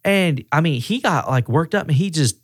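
A man's voice: on the high side, normal speed, no echo, studio quality. A man who is a regional director of auto repair shops, speaking in a casual podcast interview and acting out the dialogue in his stories. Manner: animated storyteller acting out quoted dialogue.

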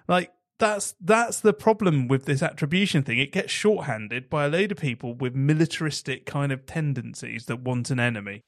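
A man in a casual panel discussion, talking in an opinionated, animated and emphatic way. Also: mid-range voice, moderate pace, hardly any pauses, no room sound, studio quality.

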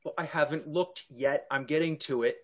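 Higher-voiced man playing a tabletop game. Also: muffled recording. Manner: quick questions, joking asides. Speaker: player. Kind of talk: casual tabletop play.

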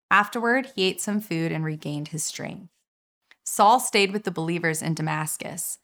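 Woman giving a church sermon, lowish voice. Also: fairly bright tone. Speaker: guest speaker at a church. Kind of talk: sermon with scripture reading.

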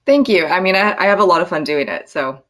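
A woman actress as interview guest, talking in a relaxed, friendly way with plenty of "like" and "um". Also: fairly low pitch, quick pace. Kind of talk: casual interview chat.

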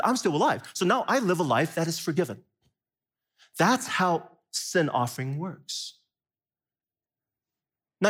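A man preaching a sermon, animated, often asking his listeners questions. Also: a little high, breathy edge. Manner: animated, asks the audience questions, laughs at himself. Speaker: pastor.

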